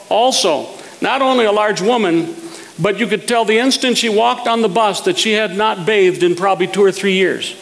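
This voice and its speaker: A man preaches in a folksy, storytelling way, chuckling now and then at his own jokes. His voice sits high and has a gravelly edge. The sound carries a long reverb from a large hall, with a faint hiss underneath. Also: a bit bright. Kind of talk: sermon with humorous stories.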